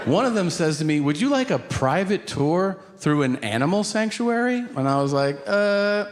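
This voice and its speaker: A man's voice: high-pitched, moderate pace, hardly any pauses. A man telling a stand-up comedy story on stage, acting out the people in it and sounding incredulous and exasperated. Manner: animated storytelling, mimics people in quoted lines. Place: comedy stage with live audience. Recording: live stage recording with audience noise.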